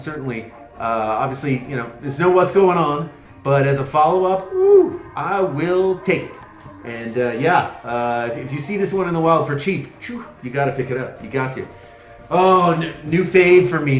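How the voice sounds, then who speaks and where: Animated, rambling record-collector man. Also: medium pitch, reverberant. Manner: enthusiastic, rambling with many fillers and exclamations. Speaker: vinyl collector vlogger. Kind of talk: casual record review.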